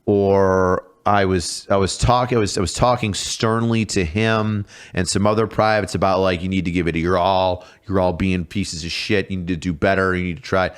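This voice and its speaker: A man's voice: sits low, normal speed, hardly any pauses, clean tone. A man in his thirties, a former drill sergeant, telling a story casually on a podcast, swearing freely. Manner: animated, profane, acts out shouted exchanges.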